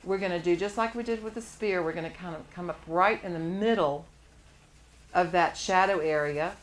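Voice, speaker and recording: A woman's voice: on the low side, normal speed. A woman teaching a live charcoal drawing class to students, encouraging them and laughing often as she works. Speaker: art teacher.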